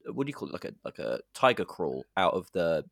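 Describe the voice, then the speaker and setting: A man's voice: deep voice, fast talker, gravelly, no room sound, clean studio sound. A man co-hosting a podcast, retelling a horror film plot in casual chat, swearing and acting out the lines with relish. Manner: animated storyteller, swearing, puts on dramatic voices for quotes. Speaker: podcast co-host.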